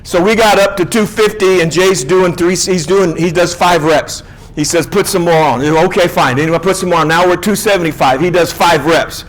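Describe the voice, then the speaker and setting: A man's voice: sits high, brisk, rough recording. A male pastor telling a humorous personal story in a sermon, acting out the voices of the people in it. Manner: animated, acts out quotes.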